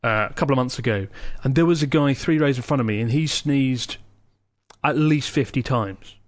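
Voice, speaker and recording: A man co-hosting a podcast, answering listener questions in a relaxed, wry, chatty way. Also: mid-range voice, normal speed, no room sound, clean studio sound. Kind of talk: casual podcast chat.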